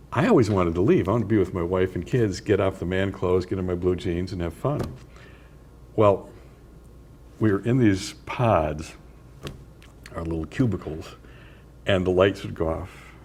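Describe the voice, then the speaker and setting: Man, older, very deep voice, unhurried anecdotal storyteller, interview guest. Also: darkish tone, slightly rough. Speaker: author and guest. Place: community TV studio.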